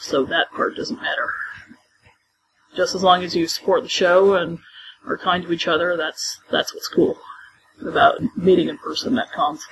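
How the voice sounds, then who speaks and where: A woman's voice: fairly low pitch, slight background noise, low-quality recording. A woman co-hosting a fan podcast, telling stories from a convention in an enthusiastic, chatty way. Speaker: podcast co-host. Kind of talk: casual podcast recap.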